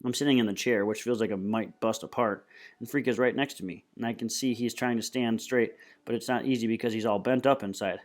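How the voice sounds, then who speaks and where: A man reading a novel aloud in plain, steady storytelling. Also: mid-range voice, a little fast. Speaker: reader.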